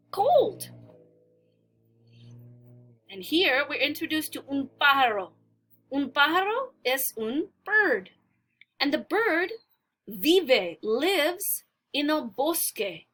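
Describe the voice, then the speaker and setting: Patient language teacher, woman, unhurried and bright-toned, reads and explains a simple story. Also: sits high, big pitch swings. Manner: slow, patient, explains word by word. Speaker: Spanish teacher. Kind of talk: reading a beginner story aloud and explaining it.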